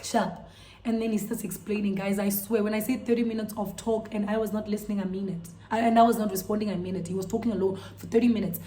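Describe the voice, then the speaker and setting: A young woman, telling a storytime vlog to her viewers in an animated, incredulous way. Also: mid-range voice, fast talker. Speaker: vlogger. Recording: echoey room.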